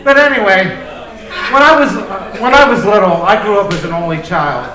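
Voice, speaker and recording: High-voiced man doing stand-up. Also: very animated, fairly quick, pushed and bright. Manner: self-deprecating, loose, profane. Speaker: stand-up comedian. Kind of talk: stand-up comedy set. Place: comedy club stage. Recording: echoey club with crowd laughter. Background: audience laughter.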